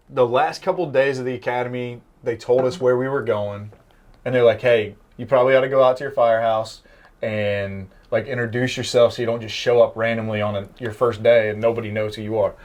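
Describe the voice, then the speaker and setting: A young man from the Midwest tells firehouse stories in a relaxed podcast chat. His voice sits in an ordinary middle pitch, and he breaks into laughter often as he talks. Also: a little fast. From American Midwest. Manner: anecdotal storyteller, laughs often. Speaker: firefighter. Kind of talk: casual podcast conversation.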